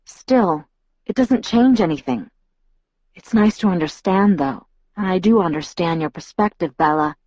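A woman reading an audiobook, voicing an old-fashioned, earnest young male vampire in a gentle, formal, measured way. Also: on the low side, expressive, no room sound. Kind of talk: audiobook character voice. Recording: dull lo-fi audiobook recording.

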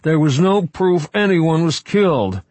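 Male reader doing a plaintive, broken director, wailing high in his range. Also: moderate pace, a little mellow, husky, dry recording.

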